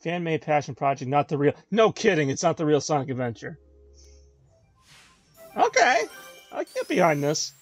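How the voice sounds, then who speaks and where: A man's voice: on the high side, sing-song, fairly quick, few pauses, faint music behind. A man hosting a gaming video, giving casual, wry let's-play commentary and talking to his viewers. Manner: chatty, wry, addresses viewers.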